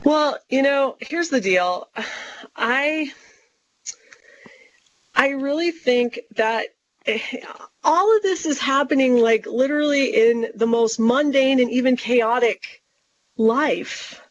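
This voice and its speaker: A woman's voice: sits high, slow pace, pauses often, slight background noise. A woman guest on an interview show, telling a story with animation and acting out what she and others said. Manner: animated, quotes herself and others in lively voices. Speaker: guest author. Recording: dull lo-fi recording.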